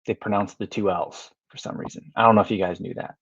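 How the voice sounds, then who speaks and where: A man's voice: fairly low pitch, steady tone, fast talker, a bit bright, muffled recording, a little hiss or hum. A man in his thirties from the United States hosting a casual livestream, reading viewer comments aloud, chatting and laughing often, trailing off and restarting his sentences. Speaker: livestream host.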